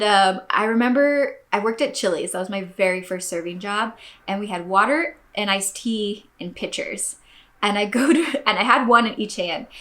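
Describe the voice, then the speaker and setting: A young woman hosting a podcast, reading a listener's story aloud and then telling her own, casual and animated, with plenty of swearing and acted-out quotes. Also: medium pitch. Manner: animated, swearing, expressive quoting.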